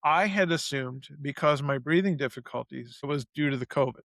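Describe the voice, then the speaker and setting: A man guest in an interview, telling a personal story in an animated way, speeding up and slowing down as he goes. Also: on the high side, no room sound. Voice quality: gravelly.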